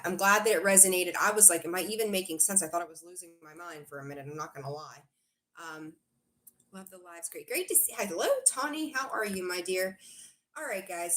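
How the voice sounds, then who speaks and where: A woman's voice: lowish voice, fairly bright tone, a little hiss or hum. Woman, tarot livestream host, casual chat, chatty and rambling, full of ums. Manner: chatty, rambling, reads out viewer comments; frequent fillers and self-corrections. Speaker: tarot reader hosting a livestream.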